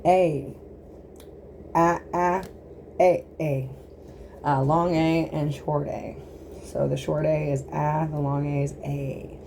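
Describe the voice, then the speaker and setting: Low-pitched American woman, slow and patient, drilling letter sounds at home over an audible noise floor. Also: steady tone, gravelly, a little mellow. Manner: sounds out letters slowly, breaks off to scold a small child. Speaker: home teacher of American pronunciation. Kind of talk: casual home phonics lesson. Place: home, with a small child nearby.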